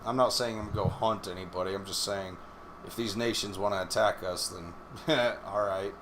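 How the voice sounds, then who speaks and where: A man's voice: on the low side, fairly even intonation, moderate pace, background noise. A man hosting a podcast, reading a news article aloud and then riffing on it with blunt, joking opinions in casual chat. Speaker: podcast host.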